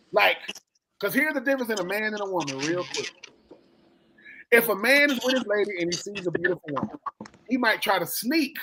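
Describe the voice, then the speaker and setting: Bright-voiced animated man joking. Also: sits high, rough recording. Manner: animated, joking, acts out quoted people. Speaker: podcast co-host. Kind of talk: casual sports podcast chat.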